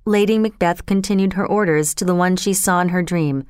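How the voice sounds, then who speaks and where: A woman narrates a classic tale in a measured, carefully paced storybook reading. Her voice sits slightly low and sounds dry and close to the mic. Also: a little mellow, smooth, dry recording.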